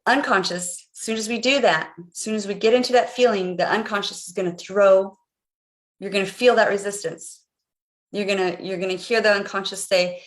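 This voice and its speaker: A woman's voice: medium pitch, steady tone, moderate pace. A middle-aged woman coaching viewers on a live stream, guiding them through a visualization in an earnest, repetitive way. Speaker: life coach.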